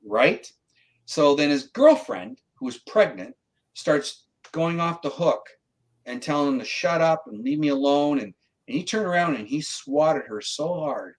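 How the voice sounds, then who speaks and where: A slightly high-pitched man speaks at a measured pace on a rough recording. He's a middle-aged Canadian appearing as a guest psychic in a casual interview, and he tells a story with animation, acting out the voices of the people in it.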